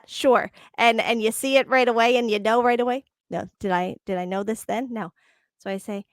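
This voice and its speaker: A woman's voice: a little high, a little slow, dry recording, studio quality. A woman co-hosting a casual podcast chat, telling a story animatedly and laughing often. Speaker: podcast co-host.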